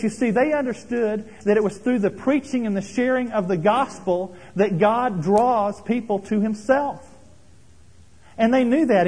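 A man's voice: high-pitched, a little mellow, slightly rough. A man preaching a sermon as pastor, earnest and explanatory, with rhetorical questions and frequent restarts, in a church sanctuary. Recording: long hall reverb.

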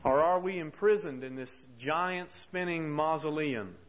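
A man's voice: fairly high pitch, lively intonation, measured pace, a little hiss or hum, rough recording. A man preaching a sermon, telling a story earnestly and building to impassioned rhetorical questions. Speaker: pastor.

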